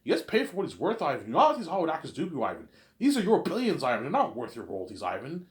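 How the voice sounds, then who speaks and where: Brash older director , put on by a man: dismissive, lively delivery, fast. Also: a little high. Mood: scolding. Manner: scolding, repeats the listener's name.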